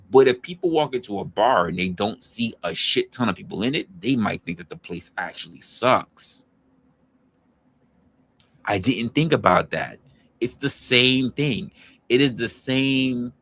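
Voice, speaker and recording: A man with a notably low, slightly bright voice hosts a casual livestream, talking straight to his chat. He speaks loosely and rambles, often restarting a sentence to fix a word or follow a new thought.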